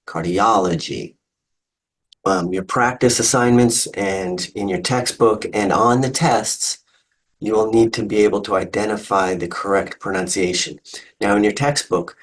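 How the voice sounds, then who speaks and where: A man's voice: lowish voice, breathy edge, poor audio. A male instructor explaining terms patiently in a recorded online lecture. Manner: patient, explanatory, with fillers and restarts.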